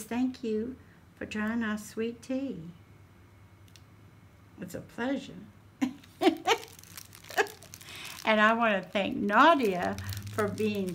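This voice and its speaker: A woman's voice: mid-range voice, a bit bright, slight background noise. A woman, hosting a craft channel and chatting casually as she unboxes a gift, exclaiming over each item.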